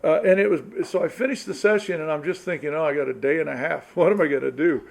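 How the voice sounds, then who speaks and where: Man, middle-aged, church talk, folksy storytelling, acts out quotes, slightly high voice. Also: quick pace, gravelly, poor audio. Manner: lively, folksy storytelling with laughs and acted-out quotes. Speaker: speaker at a church marrieds group.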